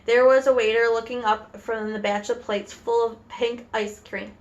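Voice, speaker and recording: A woman with a slightly high voice reads a children's book aloud. She tells it with animated energy, now and then stumbling and correcting a word. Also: moderate pace, muffled recording. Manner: animated storytelling with slips and self-corrections. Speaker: reader.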